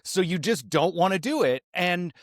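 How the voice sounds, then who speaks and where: A man hosting a casual podcast chat, blunt and relaxed, swearing offhandedly. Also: high voice, normal speed, dry recording, studio quality. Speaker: podcast host.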